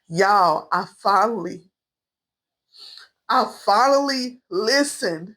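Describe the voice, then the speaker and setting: A young woman speaks to her followers at an unhurried pace, emotional and earnest. Her voice sits in a plain middle pitch, and her words come slowly, as if each one matters. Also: a bit bright. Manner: earnest, emotional, preachy, addresses viewers as y'all. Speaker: vlogger. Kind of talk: heartfelt spiritual vlog monologue.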